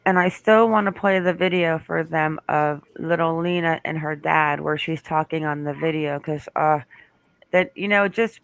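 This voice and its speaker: A woman's voice: low voice, normal speed, clear, resonant tone, dry recording. A woman hosting a live stream, chatting casually and emotionally with many restarts and fillers. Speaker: host.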